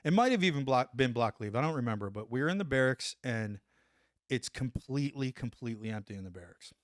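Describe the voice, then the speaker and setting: A middle-aged man and former soldier telling a story on a podcast, animated, acting out what people said and saying "like" often. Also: mid-range voice, a little fast, no room sound, clean studio sound. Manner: animated, acts out quotes, says "like" a lot. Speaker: podcast guest, former Army Ranger. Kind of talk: casual storytelling.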